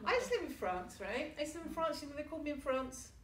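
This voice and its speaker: A woman's voice: sits high, lively intonation, rapid-fire, slight background noise. A British woman with a British accent giving a comic, self-mocking talk to a live audience, laughing often. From Britain. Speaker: book launch speaker. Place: room with a small live audience. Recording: echoey room from far off.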